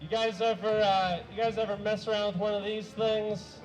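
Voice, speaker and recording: A young man doing a deadpan stand-up set of one-liners, halting, with many uhs and some throat clearing. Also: high voice, low-quality recording. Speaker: stand-up comedian.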